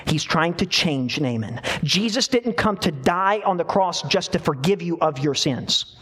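A man preaching a sermon, telling a scripture story in an animated way and voicing the people in it. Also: a little high, measured pace, breathy edge. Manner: animated storytelling with dramatic voiced quotes. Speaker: pastor.

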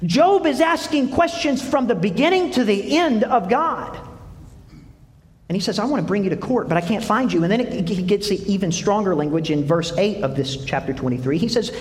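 High-voiced preacher in a reverberant hall. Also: male voice. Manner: reads scripture aloud, asks the congregation questions. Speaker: pastor. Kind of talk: sermon.

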